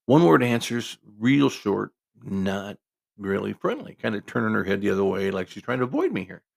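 Creaky-voiced guy rambling through a story, lots of restarts and side comments. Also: fairly low pitch, big pitch swings, moderate pace. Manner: rambling, conversational, with many restarts and asides. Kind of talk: casual spoken storytelling.

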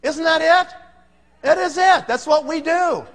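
Guy giving a fired-up pep talk to a crowd, high bright voice, long hall echo. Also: a little slow. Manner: pumped up, emphatic, lots of rhetorical questions. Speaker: motivational speaker. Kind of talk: motivational talk to a live audience.

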